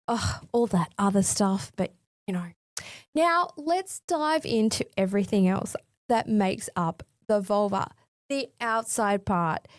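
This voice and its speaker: This podcast host, a woman in her forties, delivers a scripted solo monologue in a cheeky, chatty, frank manner with some mild swearing. Her medium-pitched voice is a little mellow, with clean studio sound and no room sound.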